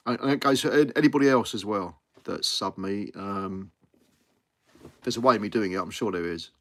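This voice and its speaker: A man's voice: on the low side, moderate pace. A man hosting a live music stream, chatting casually to viewers, thanking them and repeating himself as he talks. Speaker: livestream host.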